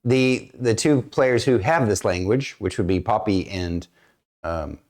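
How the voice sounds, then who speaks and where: A man acting as dungeon master on a game stream, talking loosely with many fillers and often clearing his throat. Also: fairly low pitch, a little slow, a little mellow. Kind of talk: running a tabletop game stream.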